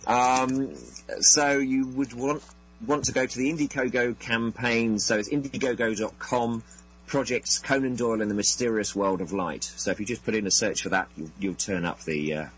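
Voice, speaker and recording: Halting English guest author. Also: male voice, medium pitch, fairly even intonation, a bit bright, a little hiss or hum, low-quality recording. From United Kingdom. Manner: halting, repeats words and restarts. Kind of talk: interview over the phone line.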